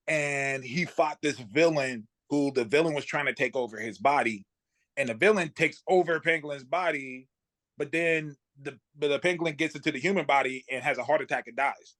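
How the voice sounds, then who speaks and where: A man, a guest comic writer, chatting casually on a podcast and telling animated stories, laughing often. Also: medium pitch, normal speed.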